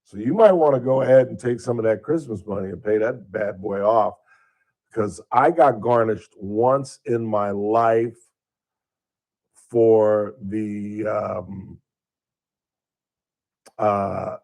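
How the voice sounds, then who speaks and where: A man's voice: fairly low pitch, creaky, darkish tone. Rambling, blunt male radio host. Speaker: radio talk show host. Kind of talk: casual radio talk.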